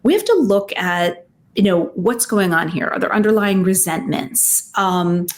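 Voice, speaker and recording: Woman guest, therapist type, mid-pitched, conversational and animated with lots of fillers. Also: unhurried, slight background noise. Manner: animated, uses many fillers and acted-out quotes. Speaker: psychotherapist and relationship expert guest. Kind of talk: conversational advice interview.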